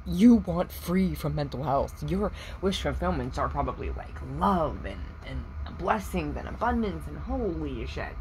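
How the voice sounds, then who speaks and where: Excitable lady reading tarot cards to her viewers, swears a bit, calls them babe, faint hiss behind. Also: low-pitched, unhurried, hardly any pauses, low-quality recording. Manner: excitable, swears casually, laughs often; speaks directly to viewers with pet names. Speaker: tarot reader.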